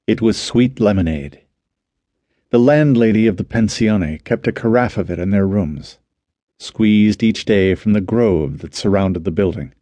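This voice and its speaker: Male audiobook narrator, slow and dark, kinda husky, dry close sound. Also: fairly low pitch, no room sound. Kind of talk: scripted narration.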